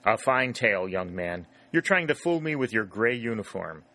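A man voicing a powerful middle-aged farm woman who speaks loudly and bluntly. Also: on the low side, big pitch swings, normal speed, full character voice. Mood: defiant. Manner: loud, exclaiming.

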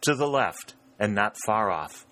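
A man voicing a seasoned, alert army sergeant who speaks a little higher and brisker than the narration. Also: expressive, sharp tone. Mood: urgent.

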